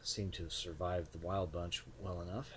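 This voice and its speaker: A man voicing a spare, courteous middle-aged man in a fine suit who speaks politely and haltingly. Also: sits low, fairly even intonation, heavy background noise, lightly acted.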